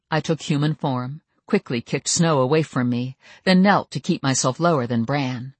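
Steady audiobook narrator, dry sound. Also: mid-range voice, moderate pace, hardly any pauses, dry recording. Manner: steady, even storytelling.

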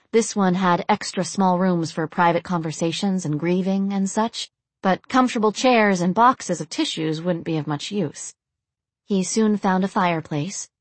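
Give me a woman narrating a dark story in a steady, even way. Her voice sits fairly low, and the recording is dry and close, with no room sound around it. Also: no room sound.

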